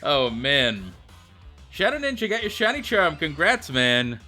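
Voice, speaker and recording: A man's voice: fairly high pitch, sing-song, a little slow, pushed and bright, faint music behind. A man streaming a video game live, chatting casually and greeting viewers by name.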